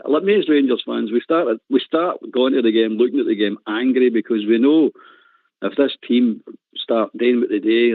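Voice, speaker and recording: A man's voice: medium pitch, gravelly, no room sound. A Scottish man calling in to a football phone-in, ranting passionately and laughing often. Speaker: caller. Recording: tinny phone line, dry.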